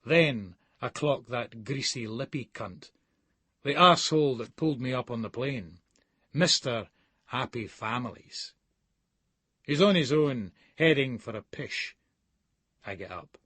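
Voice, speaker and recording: A man's voice: medium pitch, animated, unhurried, long pauses, sharp tone, slightly rough, no echo. A man with a Scottish accent reading a novel aloud in the first person, with a coarse, brash, sneering delivery. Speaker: audiobook narrator.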